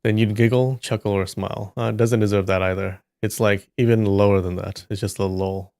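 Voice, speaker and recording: A man's voice: fairly low pitch, steady tone, brisk, darkish tone, dry recording, studio quality. A man hosting a live stream, chatting casually with viewers and joking and teasing with frequent laughs.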